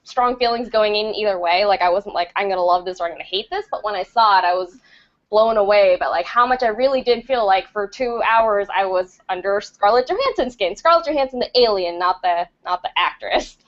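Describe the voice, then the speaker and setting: A woman's voice: mid-range voice, moderate pace. A woman co-hosting a film podcast, talking in a gushing, enthusiastic way in casual chat. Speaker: podcast co-host, film critic. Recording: slightly muffled lo-fi podcast audio.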